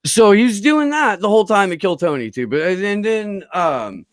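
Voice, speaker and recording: A man's voice: high-pitched, lively intonation, moderate pace, no room sound. A man telling a long story in a rambling, profane way with lots of fillers, as a podcast guest in casual chat.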